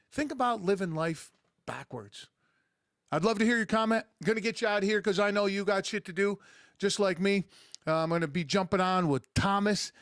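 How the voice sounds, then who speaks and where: A middle-aged man rambles through a crude, sarcastic podcast monologue. His voice sits a bit high for a man and sounds close and dry, with little room sound. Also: fairly bright tone, no room sound. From rural United States. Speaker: podcast host. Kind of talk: casual monologue.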